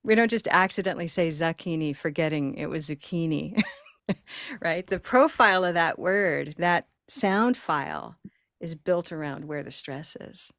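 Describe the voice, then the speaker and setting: A woman's voice: on the low side, a little slow, a bit bright, no room sound, clean studio sound. A woman co-hosting a live online English lesson on a video call, who laughs often and asks the learners questions. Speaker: teacher and co-host.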